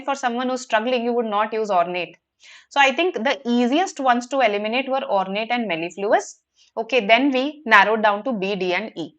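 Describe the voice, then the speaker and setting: A woman's voice: mid-range voice, a bit bright, dull audio. A woman with an Indian English accent teaching a live online vocabulary lesson, explaining patiently and often checking in with the class. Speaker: online exam prep teacher.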